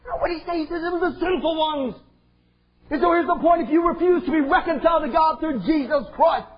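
A male preacher delivering an impassioned sermon, swinging between shouted lines and quiet asides. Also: extremely high pitch. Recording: dull lo-fi sound.

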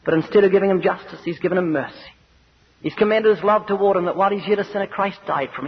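Emphatic preacher, a man, high voice. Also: quick pace, husky. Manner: earnest, emphatic, acts out anecdotes. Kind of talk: evangelistic sermon. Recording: dull lo-fi recording with faint noise.

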